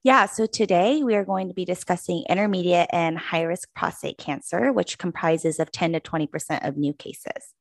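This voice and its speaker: A woman with a very low voice co-hosts a podcast on a close, dry mic. She presents exam cases in a clear, measured way. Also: no echo. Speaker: podcast co-host.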